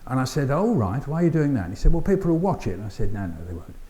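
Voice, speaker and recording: An older man with a London accent, giving a keynote talk as an animated storyteller who acts out voices and sounds with dry humour. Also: medium pitch, very fast. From England. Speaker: keynote speaker. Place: conference hall.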